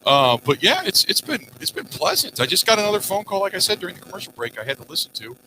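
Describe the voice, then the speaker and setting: Bright, animated sports radio host. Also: male voice, sits high, quick pace, a little hiss or hum, poor audio. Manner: animated, reads listener messages aloud, rambling asides. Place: outdoors at a golf course.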